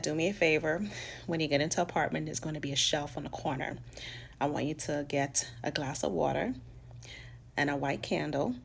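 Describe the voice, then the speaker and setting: A woman's voice: sits low, gravelly, a little hiss or hum. A woman from New York with a New York accent, telling her life story in a candid, profane, casual way and mimicking the people she quotes.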